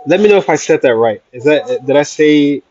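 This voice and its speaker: A man's voice: on the high side, expressive, a little fast, darkish tone, lo-fi sound, faint music behind. A man on a casual travel livestream, chatting playfully as he answers viewers' questions. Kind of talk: casual livestream chat reading comments. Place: traveling in Iraq.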